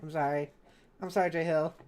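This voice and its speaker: Low-voiced woman chatting on a stream. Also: steady tone, brisk, darkish tone, a little hiss or hum. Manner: reads chat messages aloud and answers them kindly; chatty and self-correcting, with laughs. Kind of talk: casual live-stream chat while gaming.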